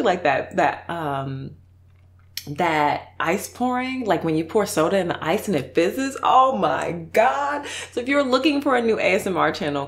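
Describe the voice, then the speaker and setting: A woman mukbang YouTuber chatting casually and effusively while reacting to video clips, laughing often. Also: fairly low pitch.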